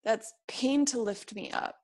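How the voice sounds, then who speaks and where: A woman's voice: on the high side, measured pace, darkish tone. A woman being interviewed, talking earnestly and encouragingly about feelings and beliefs, often voicing inner thoughts as quotes. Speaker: interview guest. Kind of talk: reflective interview talk.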